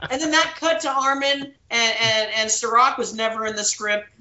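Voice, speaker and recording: Guy telling a story all animated, acts out the quotes, bright voice, kinda echoey and muffled. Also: extremely high pitch, normal speed. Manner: acts out quotes with big voice shifts. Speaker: guest actor.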